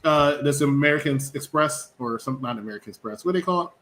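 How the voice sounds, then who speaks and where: A man's voice: on the high side, fast. A man co-hosting a wrestling review show, rambling and joking in casual chat, with a faint hum of background noise. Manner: rambling, animated, jokey with mocking impressions.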